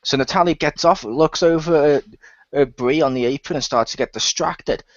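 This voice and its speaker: Man, higher-pitched voice, animated podcast recap, dry muffled sound. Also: normal speed, no echo. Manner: animated retelling, quoting wrestlers in dialogue. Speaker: podcast co-host recapping wrestling. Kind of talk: casual chat.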